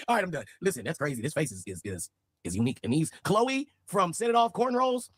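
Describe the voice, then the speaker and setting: A man's voice: high voice, wildly swooping pitch, brisk, husky, no room sound. A man mocking someone's face in casual talk and laughing through his words. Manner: giggly, mocking.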